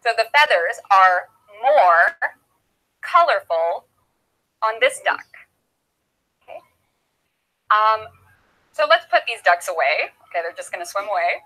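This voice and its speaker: A woman explaining English grammar as a teacher, patient and clear, repeating simple examples with props. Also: medium pitch, sing-song, a little slow, pauses often, sharp tone, poor audio. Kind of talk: slow, clear classroom explanation.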